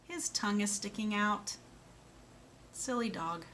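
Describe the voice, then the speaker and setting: A woman speech therapist giving a slow, clear lesson to a young child, praising answers and asking simple questions. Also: medium pitch, animated, fairly bright tone, slight background noise. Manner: slow, clear, sing-song and encouraging, with animal sounds.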